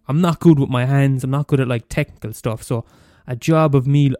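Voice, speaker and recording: A man's voice: medium pitch, a little mellow, no echo, studio quality. Ranting, profane Irish man. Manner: profane, ranting, fast and mumbly. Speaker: podcast host. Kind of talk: casual solo rant.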